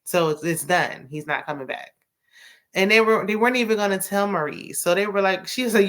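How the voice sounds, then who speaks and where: Speaking fairly quickly in a mid-range voice, a woman recaps a TV drama as the host of a casual recap chat. Her delivery is chatty and sassy, loaded with slang and side comments.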